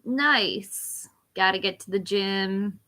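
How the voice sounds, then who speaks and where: Woman, 40s, live tarot reader, bright tone, voice going hoarse, clipped card-by-card delivery. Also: mid-range voice, slow pace. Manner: reads card meanings in short listed phrases. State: losing her voice. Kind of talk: live-stream tarot reading.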